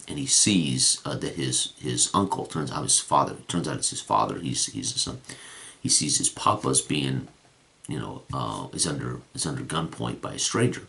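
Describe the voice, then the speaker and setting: A man recapping a one-on-one tabletop game as game master. His voice sits extremely low with a gravelly edge. He rambles through the story, often restarting his sentences. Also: fairly bright tone.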